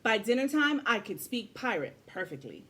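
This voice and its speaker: A woman's voice: on the high side, normal speed. Woman reading a picture book aloud. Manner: expressive, lively storytelling. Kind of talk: storybook read-aloud for children.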